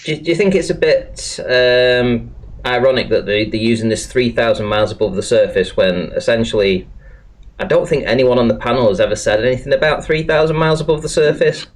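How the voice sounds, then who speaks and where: A man's voice: mid-range voice, brisk. A man hosting a live online panel, reading viewer questions and steering the talk. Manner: reads chat questions, moderates. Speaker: panel host.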